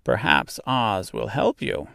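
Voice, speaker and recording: A man voicing a kindly old woman who is a good witch, speaking slowly, gently and solemnly. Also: medium pitch, very animated, vocal fry, no room sound, studio quality, full character voice. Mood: gentle.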